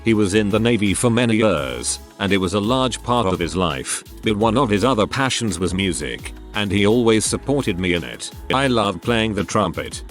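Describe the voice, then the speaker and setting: Man reading posts over soft music. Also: on the low side. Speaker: narrator reading online posts. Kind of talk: scripted narration. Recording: faint music underneath.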